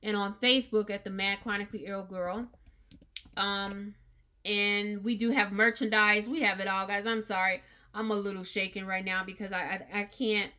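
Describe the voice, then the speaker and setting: A woman hosts her own podcast in an earnest, emphatic monologue. Her voice sits a little high and rings bright and forceful. She often repeats her words. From United States. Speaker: podcast host.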